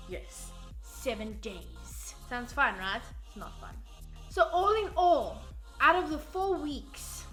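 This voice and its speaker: A young woman, talking to camera in a sarcastic, expressive comedic vlog monologue. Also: fairly high pitch. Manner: expressive, sarcastic, talks straight to the listener. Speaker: vlogger.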